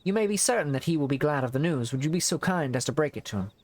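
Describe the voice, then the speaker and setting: A man's voice: fairly high pitch, expressive, fast talker, soft background music, voice pushed up. A man reading as a solemn formal official.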